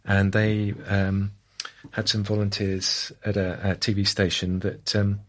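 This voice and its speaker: A man talking as a guest artist in a casual chat, hesitant and soft-spoken with many fillers. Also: lowish voice, monotone, measured pace.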